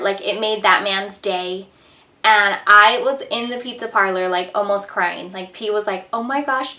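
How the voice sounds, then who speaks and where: Young woman, chatty vlogger talk, bright forceful voice, a little off the mic. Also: mid-range voice. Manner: chatty, full of fillers and "like". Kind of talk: casual talk to camera. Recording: echoey room, mic at a distance.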